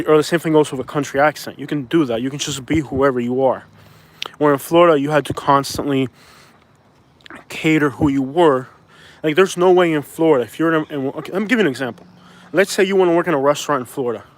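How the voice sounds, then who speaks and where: A Cuban-born vlogger and live streamer with a higher voice walks around a town outdoors, talking casually on his live stream. He rambles, leans heavily on fillers, and reads out chat comments.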